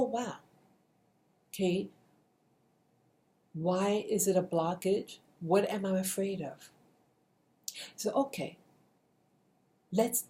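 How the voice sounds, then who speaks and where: With a warm, mid-range voice, a middle-aged woman gives an earnest motivational message to camera as a video blogger. It's a casual monologue, repetitive and marked by frequent restarts.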